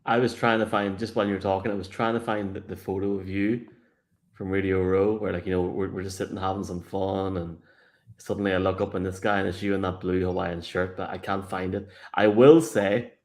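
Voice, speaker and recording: A man's voice: low voice, fairly even intonation, moderate pace, a little mellow. An Irish man co-hosting a live show, joking around and reading out listener messages. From Ireland. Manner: jokey, laughs easily. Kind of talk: casual live show chat.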